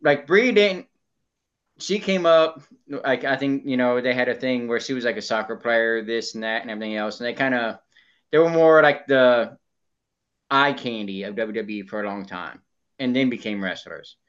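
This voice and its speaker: A man's voice: medium pitch, moderate pace, a bit bright, smooth. A man co-hosting a casual podcast, giving his opinions and talking his point through. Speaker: podcast co-host. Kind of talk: casual chat. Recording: muffled lo-fi audio.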